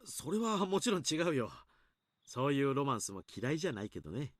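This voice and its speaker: An actor playing an easygoing, good-humoured man who jokes in a relaxed way. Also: medium pitch, rapid-fire, no room sound. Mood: joking. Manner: relaxed, joking.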